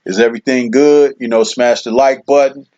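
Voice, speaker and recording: A man with a medium-pitched, steady, mellow voice speaks at normal speed while hosting his own livestream. He chats casually and reads viewer comments aloud in a laid-back way, saying "man" and "you know" a lot, over dull lo-fi stream audio.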